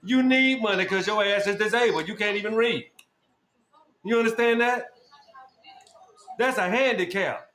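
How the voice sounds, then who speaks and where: A man hosting a podcast who berates his guest in a loud, repetitive, profane rant. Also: high-pitched, moderate pace, pauses often. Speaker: podcast host. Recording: echoey room with faint noise.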